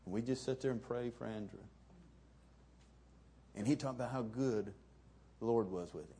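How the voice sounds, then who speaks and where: A man's voice: mid-range voice, normal speed, mellow, husky. A middle-aged man, preaching a sermon in a folksy, storytelling way. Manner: folksy, chuckling, conversational. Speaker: pastor.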